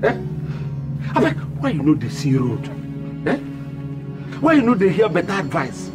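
Pushy Nigerian father, high and animated, film score under him. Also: moderate pace, over music. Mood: coaxing. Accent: Nigerian Pidgin. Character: scheming village father, pushy. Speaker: father pressing his daughter. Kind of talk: comic film acting.

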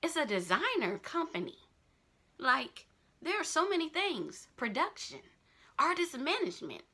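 Young woman, fan vlogger, gushing and excitable, bright and animated delivery. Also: sits high, a little slow. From Georgia, US. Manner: gushing, excitable, repeats herself. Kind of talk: casual vlog chat.

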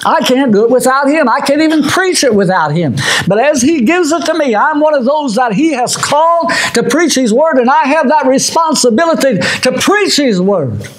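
A man preaching a sermon as pastor, moving between loud, high exhortation and low, quiet asides. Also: low-quality recording. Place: church sanctuary.

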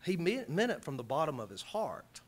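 A man from Alabama giving an impassioned college lecture, rising loud and high when he reads out quotes. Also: big pitch swings, brisk, breathy edge. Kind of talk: public lecture.

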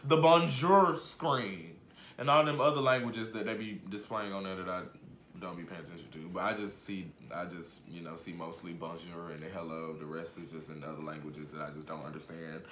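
A man vlogging a storytime in casual slang, swinging from muttered asides to shouted outbursts. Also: sits low, moderate pace, a little hiss or hum. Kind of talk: storytime vlog. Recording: roomy echo.

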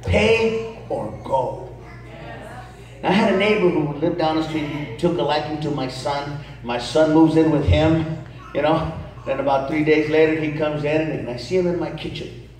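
A man preaching a humorous sermon to a youth crowd, telling family stories with lively call-and-response asides. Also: on the high side, normal speed. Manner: animated, storytelling, calls to the crowd. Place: large church hall. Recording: very echoey hall, distant mic.

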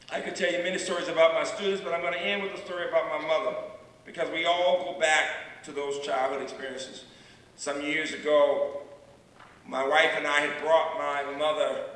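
A man in his sixties, a university president giving a public lecture, telling stories with dramatic pauses and repeated refrains. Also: fairly high pitch, pushed and bright. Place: large lecture hall. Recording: echoey hall from far off.

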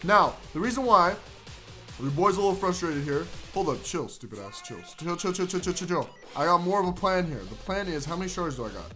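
Young guy swearing at his game, high voice all over the place, lil music behind. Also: expressive, brisk. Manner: cursing, yelling at game characters; swings between grumbling and loud outbursts. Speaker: mobile game player. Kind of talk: profane gameplay commentary.

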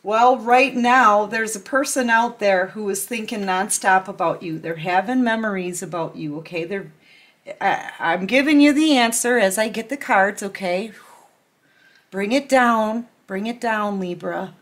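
A woman's voice: medium pitch, measured pace, fairly bright tone. A woman giving a casual tarot reading to camera, chatty and emphatic, repeating herself and talking straight to the viewer. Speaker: tarot reader.

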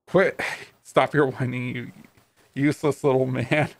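Gravelly raccoon gumshoe from a noir game, low and threatening, a guy reading it out, dead dry sound. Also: fairly even intonation, measured pace, dry recording, lightly acted. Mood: menacing. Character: gruff raccoon private detective, menacing male.

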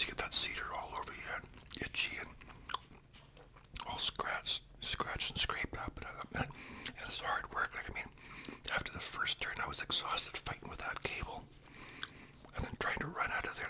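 Man in his 60s, whispered ASMR storytelling, rambling, tag questions, hushed voice. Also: medium pitch.

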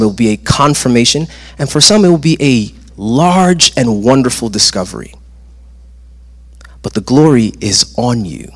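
Emphatic preacher in a reverberant church hall. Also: male voice, mid-range voice, a bit bright. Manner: emphatic, rising and falling delivery with repeated phrases. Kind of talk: sermon. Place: church sanctuary.

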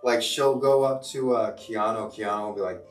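A middle-aged man hosts a casual livestream, rambling through stories with lots of fillers and restarts. His voice sits a bit low. The room echoes, he is set back from the mic, and soft guitar music plays behind him. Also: moderate pace, distant mic. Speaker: teacher and livestream host.

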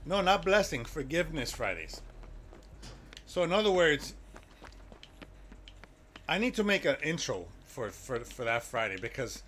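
A man's voice: on the high side, very animated, measured pace, pauses often, bright, forceful tone, a little hiss or hum. A man streaming a video game, chatting loosely with his viewers and reacting to the game as he plays. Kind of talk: casual live-stream chat while gaming.

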